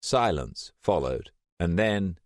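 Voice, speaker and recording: A man narrating an audiobook in expressive scripted storytelling. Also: sits low, slow pace, no echo, studio quality.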